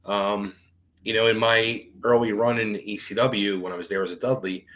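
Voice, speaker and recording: A middle-aged man, a former wrestler appearing as a talk show guest, tells casual stories in a fairly low voice at normal speed. He's animated, swears freely, and acts out what others said. The audio is poor.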